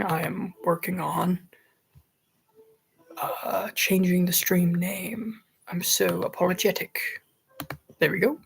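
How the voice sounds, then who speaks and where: A woman's voice: on the low side, creaky, slight background noise. A woman streamer rambling casually and swearing, now and then baby-talking to her cat.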